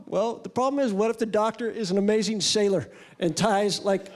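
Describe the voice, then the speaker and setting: A male stand-up comedian doing a crude, deadpan, rambling set on a club stage into a handheld mic. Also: sits high, brisk, few pauses. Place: comedy club stage before a live audience. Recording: live club with loud crowd noise.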